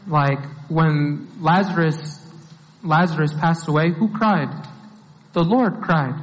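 A man preaching a sermon in a conversational way, often filling with "like". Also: sits high. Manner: conversational, with many "like" fillers. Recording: long hall reverb.

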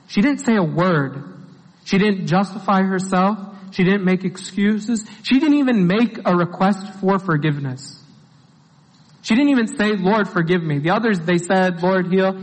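A man with a high voice preaches an informal sermon, earnest and steady as he puts question after question to his listeners. His voice rings out with a long hall reverb behind every phrase. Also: normal speed.

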